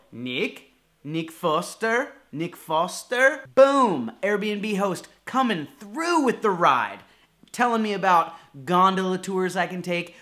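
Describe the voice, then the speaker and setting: A man's voice: high voice, sharp tone. A young man talking to camera in a casual, upbeat travel vlog, chatting directly to his viewers. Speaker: travel vlogger.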